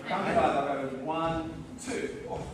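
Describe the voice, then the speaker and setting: A karate instructor teaching a class, drilling the students with call-and-response and calling out counts with energy. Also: male voice, a little high, takes it slowly, a loud crowd. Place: large training hall. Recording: echoey hall from far off, noisy.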